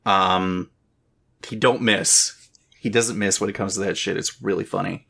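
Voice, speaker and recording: Bright-voiced, excitable podcast co-host man. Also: low-pitched, unhurried, gravelly, breathy edge. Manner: excitable, swears freely, lots of "um". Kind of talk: casual chat.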